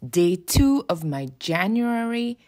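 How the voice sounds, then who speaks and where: A woman talking casually through her art journal process, explaining it in a relaxed way with frequent "um" and "like". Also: medium pitch, slow pace. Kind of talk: casual art tutorial narration.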